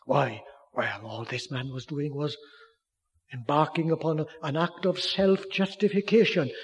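Male preacher, husky and slow, earnest and pleading, moves between loud declarations and near-whispers. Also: on the high side, fairly even intonation. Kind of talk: sermon.

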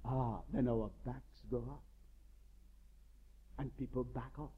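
A man's voice: medium pitch, fairly even intonation, slow pace, long pauses, breathy edge, phone-quality sound. A man preaching a sermon, telling stories dramatically and with emphasis.

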